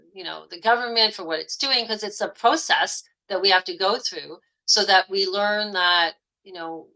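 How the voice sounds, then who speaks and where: A woman's voice: fairly low pitch, pushed and bright, poor audio. A woman teaching an online class, explaining at length and checking in often with "okay?" and "right?". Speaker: astrology and esoteric teacher.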